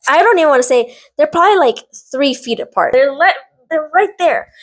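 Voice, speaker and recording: A woman talks straight to her viewers in a casual, chatty recap, her voice sitting a little higher than most. She rambles, wanders into side notes and leans on "like" constantly. The energy stays animated and conversational throughout. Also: brisk. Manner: animated, rambling, heavy use of "like". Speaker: book and drama recap vlogger.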